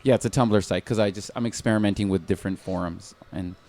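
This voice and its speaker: A man with a fairly low voice speaks quickly, tumbling over his words. He is an apologetic guest on a studio podcast who keeps asking questions and saying sorry. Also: steady tone, darkish tone. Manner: apologetic, asks many questions. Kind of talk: casual podcast discussion. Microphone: shared studio mic.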